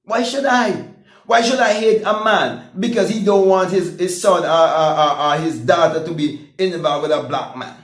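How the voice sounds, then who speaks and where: A man preaches his views in an emphatic, repetitive monologue. His voice sits high for a man, and he keeps checking in with "okay?" as he talks. The recording carries a roomy echo. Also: normal speed. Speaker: vlogger.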